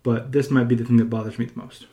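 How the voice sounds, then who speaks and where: A man from California hosts a casual podcast conversation at an ordinary middle pitch. He rambles in an animated way, full of fillers and restarts, and jumps up high when he acts out other people. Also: fast. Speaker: podcast host.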